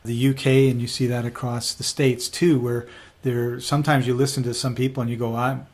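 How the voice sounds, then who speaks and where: A man in casual conversation, talking in a relaxed, loose and rambling way. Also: medium pitch, brisk.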